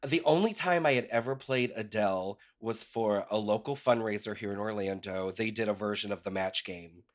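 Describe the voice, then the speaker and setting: A man's voice: on the low side, normal speed. A man who performs in drag, talking candidly as a podcast guest and telling stories about himself with self-mocking humor. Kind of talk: casual interview chat.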